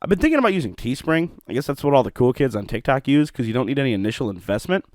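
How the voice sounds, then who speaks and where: A young man talks into a close mic at home, swinging his pitch up and down as he tells a rough, profane story and breaks into laughter. The sound is dry and close, with no room echo. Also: sing-song, racing, a little mellow. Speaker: podcast host. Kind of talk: solo podcast monologue.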